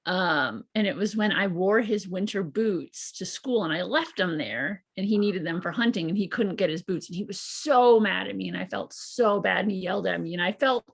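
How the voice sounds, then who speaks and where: A woman guesting on a podcast, her voice gravelly with a husky edge. She chats casually and laughs often through her family stories. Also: medium pitch, moderate pace, hardly any pauses. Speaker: guest comedian.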